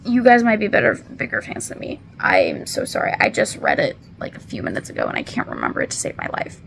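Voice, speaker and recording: A woman's voice: medium pitch, huge pitch swings, quick pace, gravelly, a bit bright, a little hiss or hum. A woman in her twenties casually recapping a book in a chatty, rambling, apologetic way, with many fillers, holding back tears. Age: 20s. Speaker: book reviewer.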